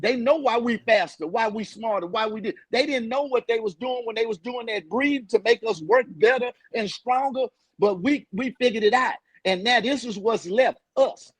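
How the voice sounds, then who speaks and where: A man's voice: very high voice, normal speed, hardly any pauses, slightly rough, dry recording. A man on a panel call holding forth in an emphatic, preachy, street-talking way. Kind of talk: heated panel discussion.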